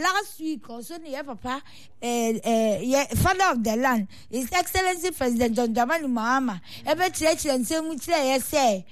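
A high-pitched woman with a Ghanaian accent, recorded dry, leads a football supporters' union. She gives earnest, complaining interview answers, mixing Twi and English.

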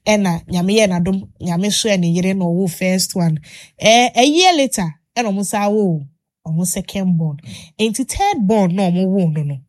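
A woman hosts a casual chat and tells a long story, animated and full of restarts. She fills her pauses with little sounds as she goes. Her voice sits in an ordinary middle pitch. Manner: animated retelling with many fillers and restarts.

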